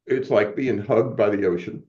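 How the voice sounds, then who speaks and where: A man as a guest giving an earnest, halting personal testimony, often moved as he speaks. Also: fairly low pitch, darkish tone, muffled recording.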